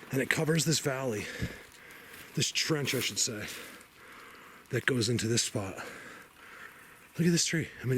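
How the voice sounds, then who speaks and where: A man from New Jersey narrates his own walk through the mountains, talking in loose, rambling asides. His voice sits at an ordinary middle pitch. Clear outdoor noise runs under the recording from his handheld camera. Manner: rambling, chatty, joking asides. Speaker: bigfoot researcher vlogger. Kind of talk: walking vlog narration. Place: outdoors in mountain woods and a cave. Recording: noisy outdoor ambience.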